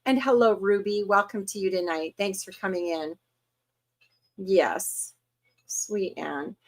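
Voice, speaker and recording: A woman's voice: medium pitch, takes it slowly. Chatty woman in her fifties hosting. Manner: chatty, greets viewers one by one, laughs often. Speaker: host. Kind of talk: casual livestream chat.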